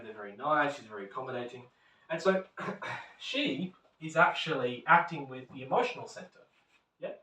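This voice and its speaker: A man giving a casual classroom lecture, telling stories and acting out little voices. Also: mid-range voice. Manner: animated storyteller, acts out little quoted voices. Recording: echoey room from far off.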